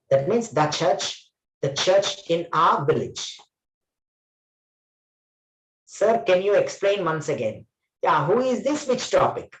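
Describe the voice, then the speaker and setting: A man's voice: fairly high pitch, a bit bright. Male English trainer, echoey room. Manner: repeats phrases and corrects himself often. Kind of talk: online class lecture.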